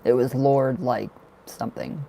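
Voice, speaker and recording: Man, gravelly voice, casual livestream chat, chatty, faint background hiss. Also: medium pitch, steady tone, a little slow, mellow, rough recording. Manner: chatty, laughs often, talks about occult practice. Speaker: livestream tarot reader.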